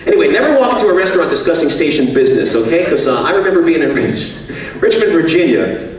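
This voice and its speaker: A man's voice: fairly high pitch, big pitch swings, fast, far from the mic. Joking man speaking in an echoey hall. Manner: self-mocking, jokey storytelling. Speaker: banquet speaker, radio executive. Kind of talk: after-dinner speech with anecdotes. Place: banquet hall.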